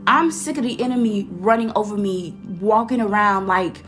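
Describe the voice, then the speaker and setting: A woman from Florida with a Florida accent, giving a casual, animated faith talk to camera, slangy and quoting scripture. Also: mid-range voice, normal speed, soft background music. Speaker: Christian vlogger.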